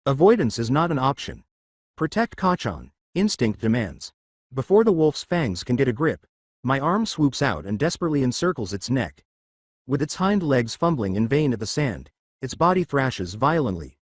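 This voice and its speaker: A man reads first-person fan fiction aloud as dramatic storytelling. His pitch moves in wide, lively swings at a middling height. The recording is dry and close to the mic. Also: moderate pace, dry recording. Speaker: narrator.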